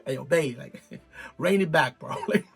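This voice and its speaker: A man hosting a reality TV recap in animated, slangy casual commentary, laughing often. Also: medium pitch, normal speed, gravelly, slightly rough.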